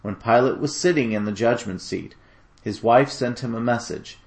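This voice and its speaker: A man narrating a dramatic scripture reading in a steady, solemn storytelling manner. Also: medium pitch, normal speed, vocal fry.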